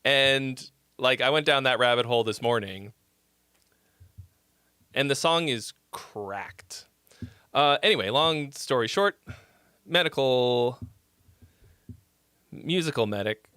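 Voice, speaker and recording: A man's voice: mid-range voice, unhurried, long pauses, sharp tone, clean tone, dry recording, studio quality. A man from Massachusetts hosting a livestream, giving song feedback in a rambling, chatty way and laughing easily. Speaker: host reviewing listener songs. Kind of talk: casual livestream commentary.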